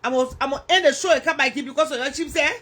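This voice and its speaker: Talking rapid-fire in a high, bright, pushed voice, she hosts a laid-back livestream. With her Liberian English accent, she teases viewers and chats as she works through their comments.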